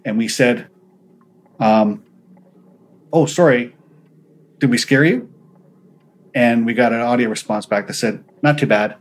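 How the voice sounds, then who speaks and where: A man's voice: mid-range voice, measured pace, long pauses, slight background noise, rough recording. A man, a paranormal investigator, earnestly recounting his investigations in an interview and acting out the dialogue he quotes.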